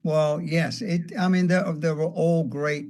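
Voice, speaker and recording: An older man in a casual reminiscing conversation, warm toward his old bandmate and quick with a light joke. His voice sits a little higher than average, and he speaks at an unhurried pace. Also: little pitch movement. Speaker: guest, guitarist.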